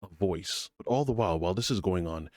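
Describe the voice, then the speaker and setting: Fast-talking deep-voiced male commentator. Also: lively intonation, darkish tone, no echo, studio quality. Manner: brisk, wry editorializing. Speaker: commentary host. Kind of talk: opinion commentary voice-over.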